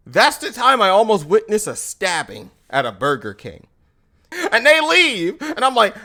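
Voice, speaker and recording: A man's voice: sits high, wildly swooping pitch, measured pace, sharp tone. A young man, a streamer, telling a story casually and animatedly, laughing often and acting out the people in it.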